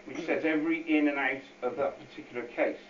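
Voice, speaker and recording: Fast and a bit bright, this man's mid-range voice keeps a steady tone as he gives an informal, unscripted guest talk to a public meeting. He rambles, repeats himself and tacks on lots of asides. The meeting hall has an audience, and the recording is echoey, dull and distant, with faint hiss.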